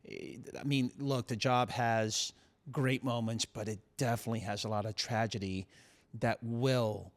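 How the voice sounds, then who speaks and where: A man's voice: mid-range voice, steady tone, measured pace. A man hosting a podcast interview, asking questions and reflecting in a conversational way. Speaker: podcast host. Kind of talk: casual interview.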